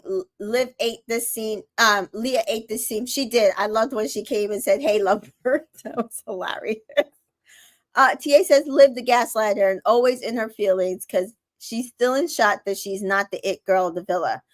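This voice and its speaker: A woman's voice: a little high, normal speed. A woman hosting a casual show recap, reading viewer comments aloud and giving sassy, opinionated reactions.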